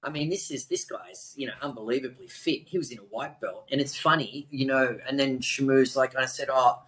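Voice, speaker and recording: A man's voice: medium pitch, moderate pace, low-quality recording. A man, hosting a podcast and telling a casual anecdote with lots of fillers. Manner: relaxed, animated anecdotes with many fillers. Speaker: podcast host. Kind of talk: casual storytelling.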